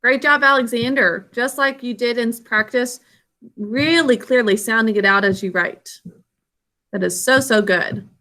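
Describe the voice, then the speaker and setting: Bright, encouraging woman teacher on a video call. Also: fairly high pitch, unhurried. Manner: encouraging, clear and instructive. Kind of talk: online spelling lesson.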